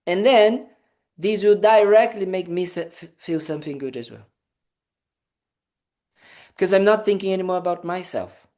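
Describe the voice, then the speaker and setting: Here the Buddhist monk's voice sits high but has a darkish tone, moving at a moderate pace with long pauses. He chats through a casual dharma talk, restarting often and saying "you know," while playfully acting out scenes with "da, da, da."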